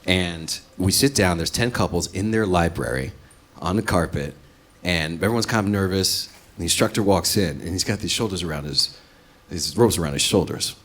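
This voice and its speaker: A man's voice: low-pitched, normal speed, a bit bright. A man doing stand-up, telling a story in a profane, exasperated way. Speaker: stand-up comedian.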